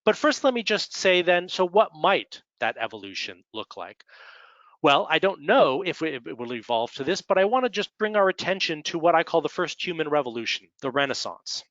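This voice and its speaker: A man's voice: a little high, big pitch swings, moderate pace, a bit bright, no echo, highs cut off. A man with an American Midwestern accent giving a conversational slide presentation, adding dry humorous asides. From United States. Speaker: speaker at executive development webinar.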